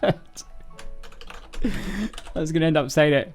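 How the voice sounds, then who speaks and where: A man's voice: medium pitch, normal speed, gravelly, long pauses. Male streamer, casual live-coding chat, self-mocking, trips over words, faint music and typing behind. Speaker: livestreamer reading a programming book.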